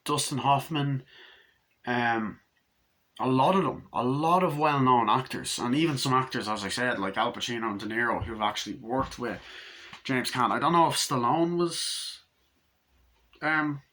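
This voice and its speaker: A man chats loosely through a movie review, with plenty of profanity and filler. He acts out scenes as he goes. His voice is bright and forward, sitting in a middle pitch. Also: moderate pace. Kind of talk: casual, unscripted review.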